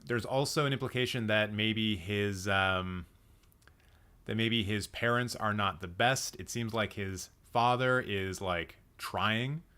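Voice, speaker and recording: A man's voice: lowish voice, takes it slowly, bright, forceful tone, clean tone. A man hosting a live movie chat stream, thinking aloud with frequent ums and restarts as he reacts to the chat. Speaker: livestream movie chat host. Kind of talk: casual live-stream film discussion.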